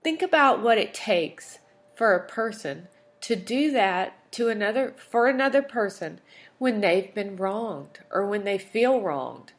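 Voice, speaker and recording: A woman's voice: medium pitch, expressive, measured pace. Candid, emotional woman telling a story. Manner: candid, emotional, chatty with fillers and asides. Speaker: podcast host. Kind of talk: personal storytelling monologue.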